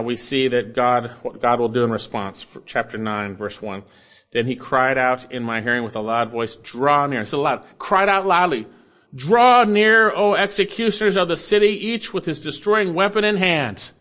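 Male pastor, expository sermon, earnest delivery with loud peaks and quiet drops. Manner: earnest preaching, rising loud on scripture quotes then dropping low.

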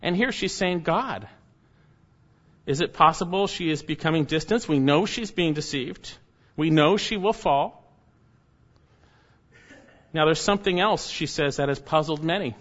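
A man's voice: on the high side, measured pace, long pauses, a bit bright. A male pastor preaching an expository sermon, stressing key words with sudden rises. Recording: dull lo-fi recording.

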